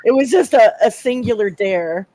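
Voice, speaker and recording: A woman's voice: on the high side, expressive, normal speed, noisy background. A woman hosting a casual livestream chat, talking emphatically with a lot of swearing and laughter. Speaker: host.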